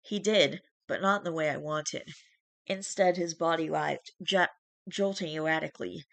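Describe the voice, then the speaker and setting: A streamer reads a first-person horror story aloud in steady narration, making small restarts along the way. The voice is mid-range and the recording is dry.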